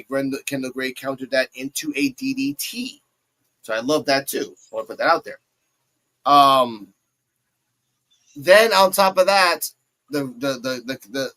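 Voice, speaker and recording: Animated man recapping a wrestling match. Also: low-quality recording. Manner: animated, acts out quotes in high voices. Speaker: wrestling review show host. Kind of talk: excited play-by-play recap.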